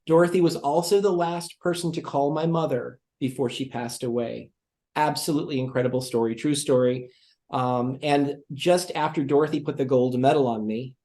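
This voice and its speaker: A man's voice: mid-range voice, mellow. A man chatting as an interview guest, an enthusiastic and gushing storyteller. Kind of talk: casual chat.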